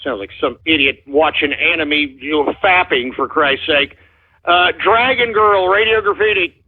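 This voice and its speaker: Brash Texan radio host, phone-like sound. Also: male voice, on the high side, measured pace, breathy edge. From Texas. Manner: brash, combative, shouts back at callers. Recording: muffled, phone-like radio stream.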